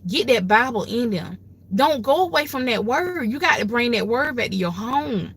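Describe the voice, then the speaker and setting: A woman's voice: a little high, lively intonation, moderate pace, fairly bright tone, slightly rough. An older woman with grandchildren, hosting a livestream and giving emphatic, folksy, preachy advice in a casual way. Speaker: livestream host.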